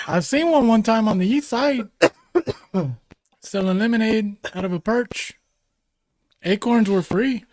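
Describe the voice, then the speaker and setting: A man's voice: a little high, lively intonation, slow, pauses often, breathy edge, no room sound, full character voice. A podcast host putting on the voice of a swaggering young male street tough, drawling slang and tacking "Holmes" onto his lines. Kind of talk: comedic put-on accent in podcast chat.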